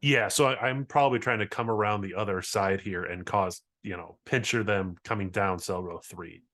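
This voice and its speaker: Low, bright-toned man describing his moves. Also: fairly even intonation, moderate pace. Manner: rambling, filler-heavy. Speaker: player. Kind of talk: tabletop game play, casual chat.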